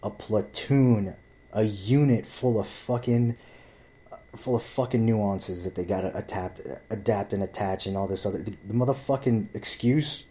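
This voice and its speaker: A young man who grew up speaking Spanish tells a story as a blunt, profane, heated rant in a casual way. His voice is lowish with a warm tone.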